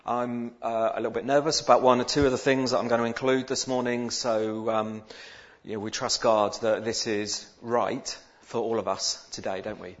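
A man's voice: medium pitch, flat delivery, normal speed, muffled recording. A male minister giving a sermon in a chatty, self-deprecating way. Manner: chatty and self-deprecating, with dramatic psalm reading. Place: church.

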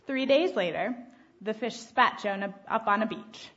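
A woman reading a children's Bible story aloud to a congregation, lively and often laughing. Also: mid-range voice, moderate pace, highs cut off, slight background noise. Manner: lively, laughing, acting out voices. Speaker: storyteller at a church service.

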